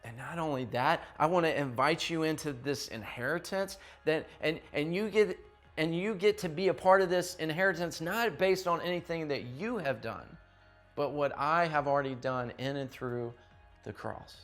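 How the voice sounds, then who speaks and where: A man's voice: on the high side, moderate pace, fairly bright tone, faint music behind. A young man preaching a youth sermon in an emphatic, conversational way, often checking in with his listeners. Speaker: youth pastor.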